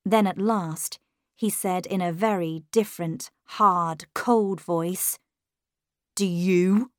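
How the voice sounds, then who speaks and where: A woman reading a first-person story aloud in a measured, clear way. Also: on the low side, no room sound, studio quality. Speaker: narrator.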